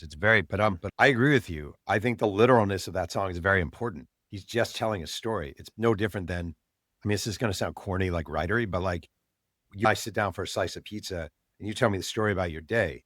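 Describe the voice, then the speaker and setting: A man, an author guest on an interview show, telling a story in animated fashion and acting out the people he quotes. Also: low voice, quick pace, no echo, studio quality.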